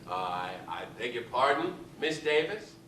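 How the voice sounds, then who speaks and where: A low, quiet, well-mannered woman stammers politely, a flustered middle-aged actress as a man puts her on. Her words drift across an echoey theater, picked up from a distance. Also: very animated, a little slow, slight background noise. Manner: hesitant, soft, well-mannered.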